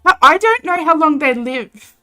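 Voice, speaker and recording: A woman's voice: high-pitched, lively intonation, normal speed, sharp tone, faint music behind. A young Australian woman chatting casually and animatedly while streaming a game, reading chat and laughing often.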